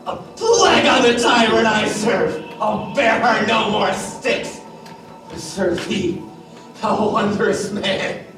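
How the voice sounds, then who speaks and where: A man's voice: high-pitched, slow pace. A man playing a fawning, brutish island monster on stage, worshipful and eager, recorded from far off in an echoey hall. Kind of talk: live stage acting. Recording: echoey, distant stage mic with music.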